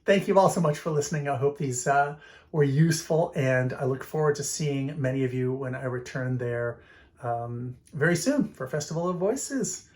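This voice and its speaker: A man's voice: mid-range voice, moderate pace, a little mellow. A man in his fifties answering fan questions in a casual, rambling way, full of fillers and restarts. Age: 50s. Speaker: film music director answering fan questions.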